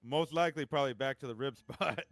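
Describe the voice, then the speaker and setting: A man's voice: on the high side, animated, moderate pace, a bit bright. A man chatting casually while gaming, telling a funny story and laughing often as he acts out a friend's lines. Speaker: gaming streamer.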